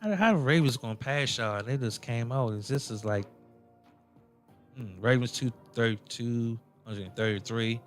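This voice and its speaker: A man's voice: mid-range voice, a little slow, soft background music. A man hosting a casual sports radio show, rambling and playful, with many ums and self-corrections.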